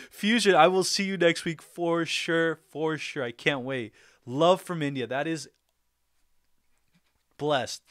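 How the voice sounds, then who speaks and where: A young man hosts a livestream, upbeat and casual, laughing often as he reads out viewer comments. His mid-range voice is fairly bright and clean, recorded at studio quality with no room sound.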